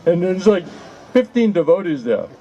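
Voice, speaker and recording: A man telling a humorous anecdote to listeners, with slow, drawn-out delivery, laughter and mock-pleading repetitions. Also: sits high, sing-song, warm tone, highs cut off. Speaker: storyteller to an audience.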